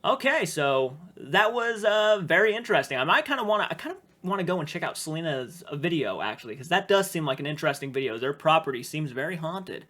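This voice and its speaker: Male reaction host, chatty and loose, talks fast. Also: on the high side, very animated, bright, forceful tone. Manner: chatty, rambling, swears casually. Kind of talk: casual reaction commentary.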